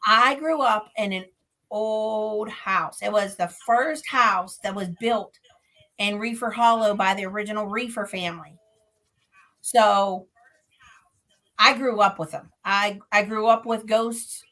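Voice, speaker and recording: Woman guest, paranormal investigator, casual and talkative, quick to laugh, middle pitch. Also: bright, forceful tone. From Pennsylvania. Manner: chatty storyteller who laughs often. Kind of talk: casual interview chat.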